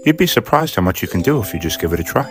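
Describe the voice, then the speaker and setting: A man plays a friendly, chatty character in a comedic cartoon. His voice sits fairly low and moves lively through the pitch. Faint light music plays under the dialogue. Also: racing.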